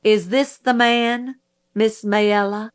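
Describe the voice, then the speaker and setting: A steady middle-aged lawyer pressing his questions slowly and evenly, as a woman reads him in a storybook narration. His tone is dry and detached, never raised. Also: medium pitch, clear, resonant tone, pitched above the performer's own voice, natural voice. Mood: measured. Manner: deliberate, dry, professional questioning. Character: calm, measured middle-aged male lawyer cross-examining.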